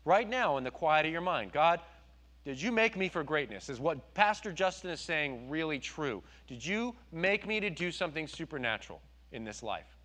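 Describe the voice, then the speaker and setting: Casting note: male pastor, a touch high-pitched, lively storytelling sermon. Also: moderate pace. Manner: animated storytelling, acting out quoted voices.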